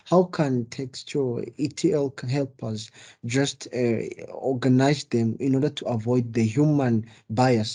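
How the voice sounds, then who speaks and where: Male attendee, mellow voice, halting and restarting while asking a question on a call. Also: medium pitch, husky. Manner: hesitant, restarts, non-native phrasing.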